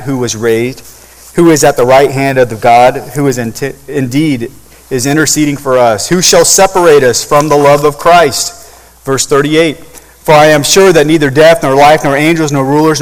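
Impassioned preacher in a reverberant hall. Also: male voice, medium pitch. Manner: building to impassioned crescendos. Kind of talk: sermon.

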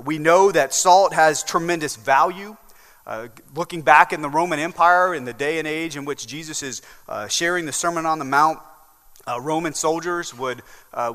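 A man's voice: on the high side, bright, forceful tone. A male pastor with a Southern American accent, preaching a sermon and often checking in with "right?". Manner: preaching with rising emphasis and frequent "right?" asides. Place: church sanctuary. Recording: long church hall reverb.

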